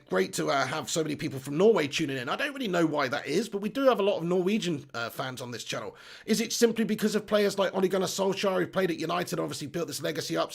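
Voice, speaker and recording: A man's voice: on the high side, gravelly, breathy edge. A man hosting a football live stream, reading out chat comments in an upbeat, chatty way and laughing at himself.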